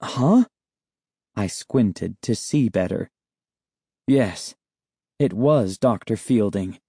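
A man narrating a chapter of a children's book in a measured storytelling way. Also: on the low side, warm tone, husky, dry recording, clean studio sound. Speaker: audiobook narrator. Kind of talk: scripted narration.

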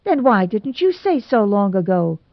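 A woman's voice: medium pitch, sing-song, normal speed, no room sound. A woman reading as a fiery, indignant young woman. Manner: stormy, indignant. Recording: dull lo-fi recording.

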